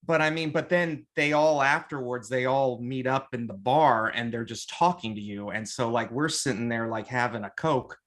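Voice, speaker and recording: A chatty podcast man with a mid-pitched voice tells a story with lots of energy. He stumbles over his words and restarts, then slips into quick put-on voices when he quotes people. His background in theater shows in how he plays things out. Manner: animated storyteller who acts out quotes with many restarts; theater-trained. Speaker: podcast co-host reporting on a trip. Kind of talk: casual chat.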